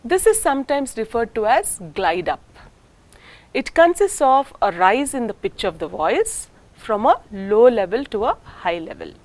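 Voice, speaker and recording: Woman lecturer, Indian English accent, measured delivery, rather high voice, rising and falling a lot. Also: sing-song. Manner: slow, deliberate, explaining with spoken examples. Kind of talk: recorded phonetics lecture.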